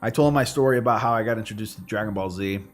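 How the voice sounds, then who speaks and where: This gaming livestream host has a fairly low voice and races along, rambling casually with lots of fillers. A studio condenser microphone captures him.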